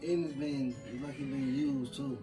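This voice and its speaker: A man's voice: mid-range voice, steady tone, measured pace, far from the mic, music in the background. An angry man, confronting his wife in a heated argument and cursing often. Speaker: husband in a prank video.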